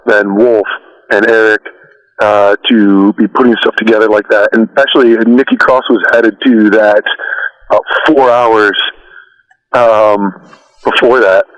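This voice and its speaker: A man as an interview guest, telling stories in a relaxed, rambling way with many fillers. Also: lowish voice, a little slow, muffled recording. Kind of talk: casual storytelling interview.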